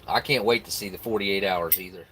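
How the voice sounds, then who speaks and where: Easygoing low-voiced live stream host. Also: male voice, fairly quick, sharp tone, slight background noise. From United States. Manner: rambling, easygoing, with frequent restarts and laughs. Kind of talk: casual chat reacting to viewer comments.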